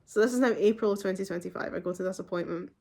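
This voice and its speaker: A woman's voice: medium pitch, racing, creaky, warm tone. Young female vlogger; casual, rambling storyteller straight to camera. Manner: chatty and rambling, with frequent "like" and restarts.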